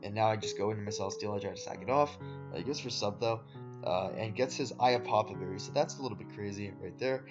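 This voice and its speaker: A man's voice: lowish voice, fast. Laid-back man narrating his game matches. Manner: laid-back, rambling, lots of fillers, addresses viewers as "boys" and "guys". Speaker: competitive Pokémon player commentating his own matches. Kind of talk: casual gameplay commentary voice-over. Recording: dull lo-fi audio with background music. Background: soft guitar background music.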